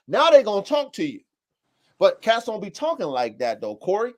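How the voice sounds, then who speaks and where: A man in his thirties hosting a casual podcast chat, animated and slangy, with blunt profanity and acted-out customer quotes. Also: sits high, normal speed. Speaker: podcast host. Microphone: live-stream call setup.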